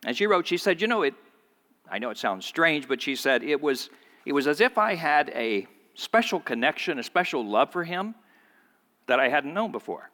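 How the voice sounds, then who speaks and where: A man's voice: sing-song, moderate pace, bright, forceful tone, in a large hall. A man preaching a sermon to his congregation, telling a story and acting out the voices of the people in it. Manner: storytelling, voices quoted speakers with pitch jumps. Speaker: pastor.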